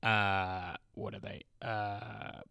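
A man's voice: fairly low pitch, little pitch movement, extremely slow, vocal fry, pushed and bright, clear, resonant tone, dry recording. A man with an Australian accent in casual podcast chat, telling stories animatedly, laughing often and swearing freely.

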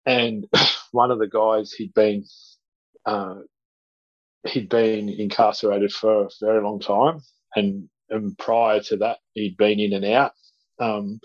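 A man telling a story as a podcast guest, halting with many restarts. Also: lowish voice, dull audio. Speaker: guest speaker.

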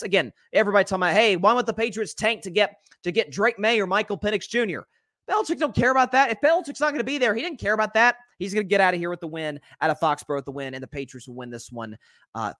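High-voiced man giving sports picks. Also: a bit bright, no echo. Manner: rambling, self-correcting, many fillers. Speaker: sports podcast host. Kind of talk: solo sports picks commentary.

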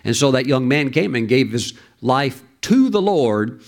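Male pastor preaching with animated storytelling. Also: medium pitch, unhurried. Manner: storytelling, with frequent fillers and restarts. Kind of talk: sermon.

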